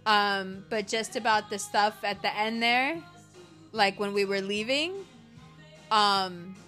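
A woman acting out a warm, rushed friend leaving a casual voice note that is peppered with swearing. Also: medium pitch, faint music behind. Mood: affectionate. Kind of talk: acted voice note.

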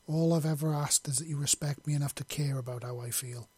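A man voicing a tender, steady husband in an audio story, speaking gently and earnestly. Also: fairly high pitch, fast talker, breathy edge, no echo.

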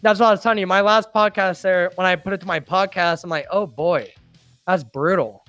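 Male live-stream host with a high, dry voice into a desk mic, chatty and rambling. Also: steady tone, fast talker, sharp tone, clean tone, dry recording, faint music behind. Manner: rambling and chatty, with laughs and restarts. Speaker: host and admin of a trucking group. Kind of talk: casual live stream chat, reading viewer comments. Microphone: desktop microphone.

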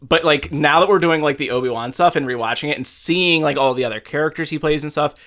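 A man's voice: fairly high pitch, fairly bright tone. A man co-hosting a casual podcast, talking with enthusiasm and frequent restarts. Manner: enthusiastic, halting, lots of restarts and "like". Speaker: podcast co-host. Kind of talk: casual chat.

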